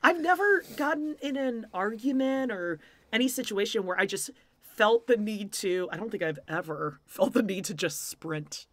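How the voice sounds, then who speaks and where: Woman cohosting a podcast, talks in an even middle pitch, blunt and chatty. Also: normal speed. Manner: chatty, frank, swears freely; ends with show announcements. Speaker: podcast co-host. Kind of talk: casual chat.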